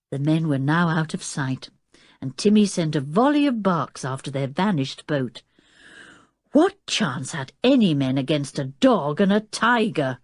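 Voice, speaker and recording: Woman reading a kids book out loud, lively up and down voice, dry close sound. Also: sits low, a little slow, dry recording. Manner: expressive storytelling. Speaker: audiobook narrator. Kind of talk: scripted narration.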